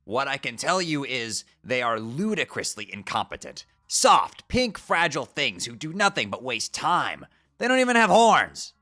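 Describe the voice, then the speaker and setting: A man voicing an angry young male troll who rants loudly and sounds exasperated. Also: medium pitch, sing-song, normal speed, soft background music, voice pushed up. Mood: scornful. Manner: ranting, loud and exasperated.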